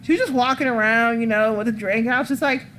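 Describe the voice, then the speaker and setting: Bright-voiced woman hosting a wrestling podcast. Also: fairly high pitch, quick pace, a little hiss or hum. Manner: rambling, profane storytelling; animated, laughs often. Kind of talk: casual chat.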